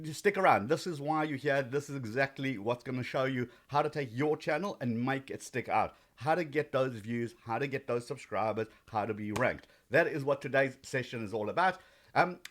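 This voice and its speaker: A man's voice: medium pitch, fairly bright tone. A man hosting a casual live training stream, chatty and upbeat, greeting viewers by name with frequent ums. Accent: South African.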